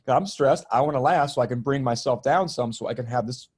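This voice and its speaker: A man's voice: medium pitch, fast talker, darkish tone, breathy edge. A middle-aged man, a spiritual teacher and healer, telling a personal story as a guest on a podcast interview, earnest and emotional, easing tension with jokes.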